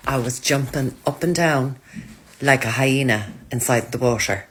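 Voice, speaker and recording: A woman's voice: extremely low pitch, unhurried, slight background noise. A woman chatting casually to her followers, telling self-mocking stories. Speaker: social media creator.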